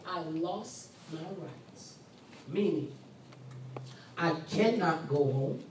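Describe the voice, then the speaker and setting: A woman with a low, darkish, expressive voice teaches nursing very slowly, leaving long pauses, repeating key points emphatically, and role-playing the patient in the first person. The recording is roomy and distant, with faint ambience and a little hiss or hum.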